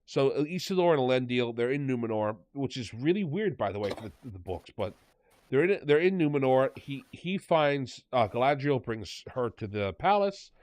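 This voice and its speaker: A man's voice: medium pitch, very animated, normal speed, darkish tone. Sarcastic man rambling through a show recap. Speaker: podcast host. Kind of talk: casual review chat.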